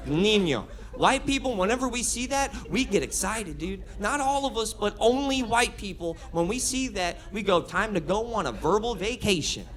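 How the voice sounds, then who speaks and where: Guy doing standup in a club, high voice, lively and chatty with the crowd. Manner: energetic, conversational, frequent laughs and restarts. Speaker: stand-up comedian. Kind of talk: stand-up comedy set with crowd work. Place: comedy club stage.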